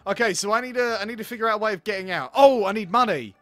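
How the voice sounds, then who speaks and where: A young man narrating his own gameplay in a rambling, hesitant way, thinking out loud. His voice is high and bright with lively swings in pitch, recorded close and dry. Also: rapid-fire, no room sound, faint music behind. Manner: rambling, hesitant, self-talking. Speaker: gaming YouTuber. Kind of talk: let's play commentary.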